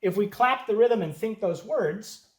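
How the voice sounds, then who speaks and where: An elementary music teacher teaching young children, speaking slowly and patiently and counting beats aloud. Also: medium pitch, animated, roomy sound, noisy background.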